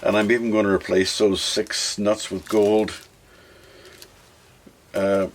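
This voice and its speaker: A man's voice: lowish voice, flat delivery, slow. A man chatting casually to himself and the viewer while he works on a guitar, with sudden sing-song bursts. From Scotland. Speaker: hobby guitar builder. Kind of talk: casual workshop vlog talk. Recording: faint background noise and clicks.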